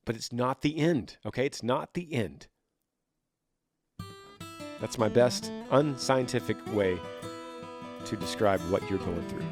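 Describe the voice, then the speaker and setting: A man's voice: mid-range voice, expressive, measured pace, long pauses, no room sound, faint music behind. A man hosting a podcast, giving earnest, rambling advice in a casual monologue and often repeating words as he searches for them. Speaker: podcast host.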